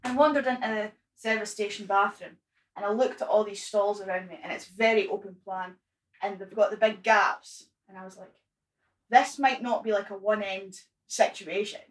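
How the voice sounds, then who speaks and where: A woman in her twenties telling an embarrassing story on a casual podcast, animated and sweary, laughing at herself. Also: medium pitch, moderate pace, recorded from a distance, poor audio. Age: 20s. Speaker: guest.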